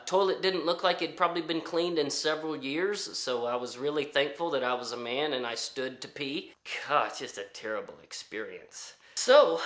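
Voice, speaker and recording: A man's voice: medium pitch, a bit bright, echoey room. A man telling a story in a casual, rambling way, full of fillers and restarts. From United States. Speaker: storyteller vlogger.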